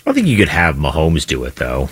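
Very deep husky man on sports radio. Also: wildly swooping pitch, brisk. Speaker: radio co-host.

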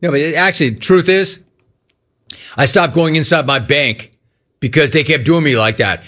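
A middle-aged man hosting a call-in radio show. His delivery is lively and swings all over his range as he rants. He mocks cheerful greetings in a high voice. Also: moderate pace. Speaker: sports radio host.

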